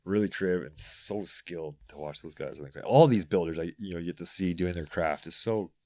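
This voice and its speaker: Deep-voiced man telling rambling stories. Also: brisk. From rural Ontario, Canada. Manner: animated storyteller, rambling with restarts. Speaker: podcast guest, bike mechanic. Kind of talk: casual chat.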